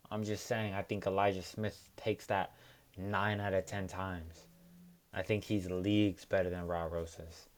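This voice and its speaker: Profane young man ranting about fights. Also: lowish voice. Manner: profane, heated rants with frequent fillers. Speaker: MMA recap host. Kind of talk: casual solo commentary.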